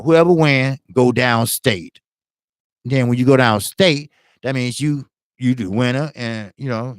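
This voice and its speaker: A boxing channel host from Chicago, USA, rambles through a casual street story, leaning heavily on "you know" and profanity. His voice is medium in pitch, with no room sound and studio-quality audio.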